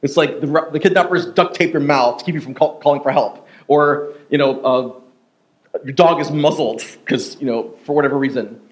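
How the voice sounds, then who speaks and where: A pastor with a fairly high voice preaches in a church in a loose, chatty way. He jokes often and keeps stopping to restart his sentences with fillers. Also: normal speed. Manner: casual, joking, chatty with many fillers. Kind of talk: sermon. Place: church sanctuary.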